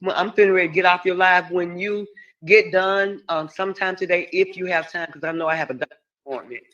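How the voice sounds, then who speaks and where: A man's voice: high voice, fairly even intonation, fast talker, pushed and bright. Soothing man on a muffled call. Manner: soothing, calls the listener baby. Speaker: caller on a livestream. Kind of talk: heartfelt call-in comfort.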